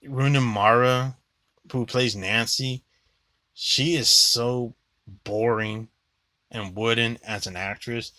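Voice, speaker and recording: Reviewing a movie casually, a young man rambles bluntly, swearing freely and filling gaps with filler words. His bright, forward, mid-range voice is fairly even in intonation, and he speaks slowly with long pauses. The recording is close and dry, with no room sound.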